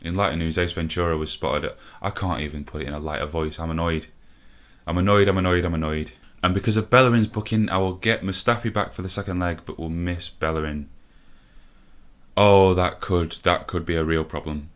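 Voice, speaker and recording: Low-voiced man swearing at his game. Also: steady tone, fairly quick, fairly bright tone. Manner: frustrated, swearing, thinking aloud. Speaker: gaming video host. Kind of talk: let's play commentary.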